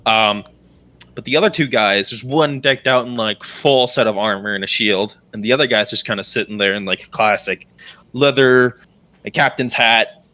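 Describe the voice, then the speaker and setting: A man narrates a tabletop game as dungeon master in a bright, forceful voice. His delivery is casual and rambling, and filler words pile up as he describes the scene. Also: medium pitch, moderate pace.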